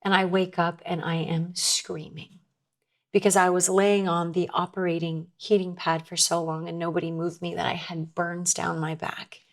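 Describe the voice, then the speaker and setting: Woman, slightly low voice, earnest emotional storytelling, conversational guest, frequent restarts. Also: level tone, moderate pace. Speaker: podcast guest. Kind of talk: personal story told in conversation.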